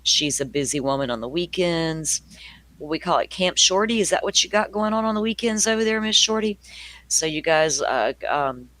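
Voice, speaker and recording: Southern older guy hosting a live stream, gabby and laughing, slightly high voice. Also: animated, moderate pace, pushed and bright, no room sound. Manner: chatty, laughs often, addresses viewers by name. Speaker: true crime livestream host. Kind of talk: casual chat with live viewers.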